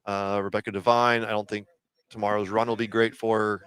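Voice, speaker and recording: A man's voice: lowish voice, flat delivery, fairly quick, fairly bright tone, clear, resonant tone, no echo. A man hosting a podcast, running through athletes and standings in casual commentary. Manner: runs through names and standings. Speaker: podcast host.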